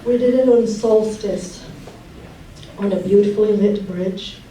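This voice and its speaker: A woman gives a memorial speech for her husband, her stories fond and often broken by laughter. Her voice is mellow, picked up from a distance in a roomy hall with a faint hum behind it. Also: medium pitch, measured pace. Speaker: widow giving a eulogy.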